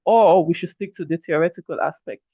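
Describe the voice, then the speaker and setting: A man's voice: fairly high pitch, a little fast, husky, no room sound. A man leading a live online training session over a video call, chatty and apologetic, often calling his listeners "guys". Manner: apologetic, checks on the audience. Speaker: workshop trainer. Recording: tinny phone-like online call audio.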